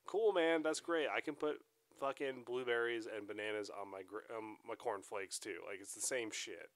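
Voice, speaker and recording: A man's voice: medium pitch, normal speed, no echo. A man co-hosting a podcast in blunt, sarcastic, profane casual chat. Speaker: podcast co-host.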